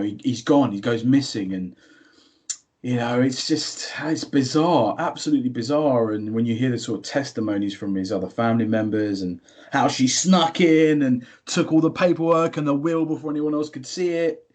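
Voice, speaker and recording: A man hosts a podcast in relaxed conversation, thinking aloud. He repeats words as he gathers his thoughts and keeps turning questions back to his co-host. His voice sits at an ordinary middle pitch. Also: brisk. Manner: musing, repeats himself, asks questions. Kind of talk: casual chat.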